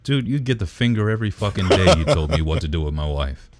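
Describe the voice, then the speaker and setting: A man's voice: deep voice, expressive, quick pace, background noise. A man co-hosting a podcast, talking in an emphatic, preachy way with casual swearing. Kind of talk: casual chat.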